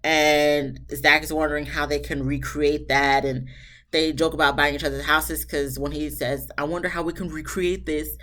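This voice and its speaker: Casual reviewer, woman, low voice; chatty episode recap with blunt side rants aimed at the cast. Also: flat delivery, moderate pace, fairly bright tone. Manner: chatty, candid, breaks off to vent at the cast. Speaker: TV show reviewer. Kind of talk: casual reality-TV recap commentary.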